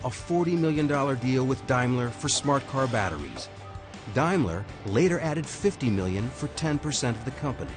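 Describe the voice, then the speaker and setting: A man giving scripted documentary narration in a measured, dramatic way. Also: mid-range voice, lively intonation. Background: music.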